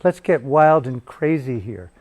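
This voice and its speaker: A man's voice: mid-range voice, lively intonation, a little slow, lo-fi sound. Provocative, swearing male meditation teacher. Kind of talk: profane dharma talk. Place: retreat hall in Bali.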